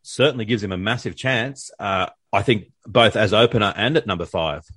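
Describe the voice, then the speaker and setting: Low-voiced co-host, man. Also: normal speed, a bit bright, slightly rough, no room sound, clean studio sound. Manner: easygoing, hesitant with ums, mimics voices. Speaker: podcast co-host. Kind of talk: casual podcast chat.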